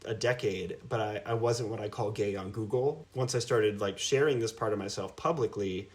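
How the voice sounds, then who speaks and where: A man in his thirties from Middle America, a guest in a casual podcast interview, who talks with animated, playful emphasis and laughs often. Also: fairly low pitch, normal speed. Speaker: podcast guest, endurance athlete.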